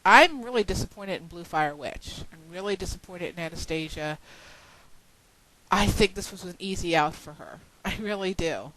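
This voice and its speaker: A woman's voice: fairly low pitch, animated, moderate pace, a bit bright, dry recording, poor audio. A woman ranting into a webcam at home, exasperated and sarcastic, swearing as she scolds her community. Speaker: video blogger. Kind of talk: frustrated webcam rant.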